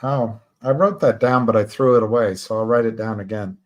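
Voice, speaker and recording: A man hosting a casual livestream, talking slowly and haltingly with many restarts as he reads viewer chat. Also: fairly low pitch, lo-fi sound. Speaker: livestream host.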